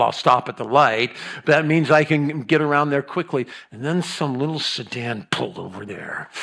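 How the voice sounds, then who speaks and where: A middle-aged pastor delivers a conversational sermon, telling stories with playful asides and prompts that draw the congregation in. His voice is on the high side, creaky, and a bit bright.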